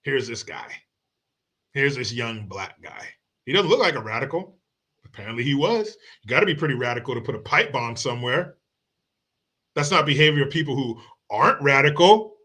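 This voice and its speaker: A man's voice: mid-range voice, expressive, normal speed, sharp tone, husky. A man hosting a livestream, ranting about politics in a mocking, combative and profane way. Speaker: political commentary host. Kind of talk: casual political rant. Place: home streaming setup.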